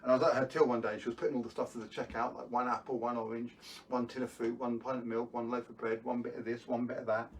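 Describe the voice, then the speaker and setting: A man's voice: mid-range voice, flat delivery, quick pace. Male magician, middle-aged, rambling self-mocking patter, set back from the mic, faint background hum. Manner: chatty, self-deprecating storytelling with filler words. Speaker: magician performer. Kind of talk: live-streamed magic and comedy patter. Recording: distant mic, faint room noise.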